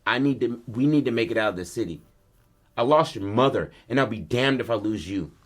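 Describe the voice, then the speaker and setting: A man's voice: mid-range voice, lively intonation, brisk, close to an everyday voice. A man doing a grim, terse father on the run. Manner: terse, commanding.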